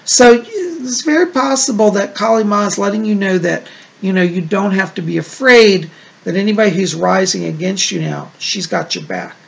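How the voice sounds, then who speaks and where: A man hosts a casual psychic-reading show and answers viewer letters one by one. His voice swings widely in pitch and carries a gravelly edge. He talks in a chatty, reassuring way, leaning on "like" and "you know.". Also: expressive, normal speed. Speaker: psychic medium host.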